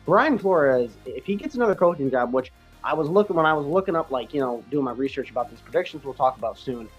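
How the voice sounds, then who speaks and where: A man's voice: mid-range voice, animated, quick pace, breathy edge. Man, podcast co-host, rambly chat, plenty of fillers, slightly dull lo-fi mic with faint music. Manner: rambling, frequent fillers and restarts.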